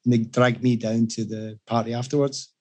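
A Scottish man in casual chat, telling animated, self-mocking anecdotes to the room. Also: medium pitch, moderate pace. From Scotland.

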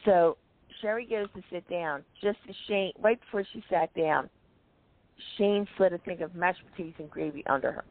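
A woman telling a backstage story in casual chat, often clearing her throat. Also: fairly low pitch, moderate pace. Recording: dry tinny call-quality sound.

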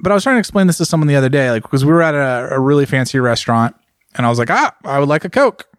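A man co-hosting a casual podcast chat, joking and telling animated stories. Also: mid-range voice, rapid-fire, clear, resonant tone, no echo, studio quality. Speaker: podcast co-host.

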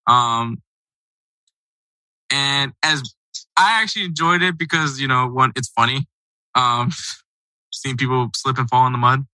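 Guy hosting a chill sports podcast, super bright voice, rambly, dry close mic. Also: medium pitch, measured pace, pauses often, no echo, low-quality recording. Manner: rambling, loose and conversational. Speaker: podcast host. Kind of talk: casual sports podcast chat.

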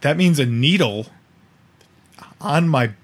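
A man's voice: a little high, slow. A man hosting a podcast, telling an embarrassing story in casual comedic style and acting out everyone's lines. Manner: animated, laughing storyteller acting out dialogue. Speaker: podcast host.

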